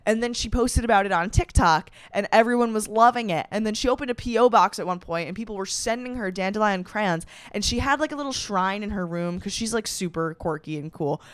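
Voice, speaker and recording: Young female comic, Western New York accent, casual podcast rant, smooth voice, profane and gushy. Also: mid-range voice, brisk, hardly any pauses, dry recording. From Rochester, New York. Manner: animated, profane, gushing, heavy use of "like". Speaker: comedian podcast host. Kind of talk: casual monologue.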